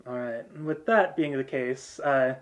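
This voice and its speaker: A man narrating a tabletop game as game master, relaxed and laughing often, with many fillers. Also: mid-range voice, unhurried, highs cut off.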